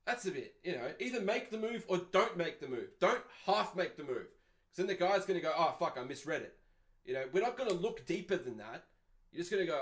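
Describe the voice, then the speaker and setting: A young Australian man in his twenties talks in a loose, foul-mouthed podcast rant. His voice sits a little higher than most men's. He is sardonic and unfiltered. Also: expressive, quick pace. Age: 20s. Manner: profane, ranting and sardonic. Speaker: podcast host.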